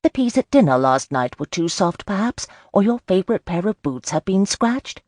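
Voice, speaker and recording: A woman's voice: medium pitch, big pitch swings, moderate pace, darkish tone, no echo, pitched above the performer's own voice. A woman voicing a sensible, wry young Regency lady in an audiobook, speaking with dry, teasing reason. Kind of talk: audiobook character voice.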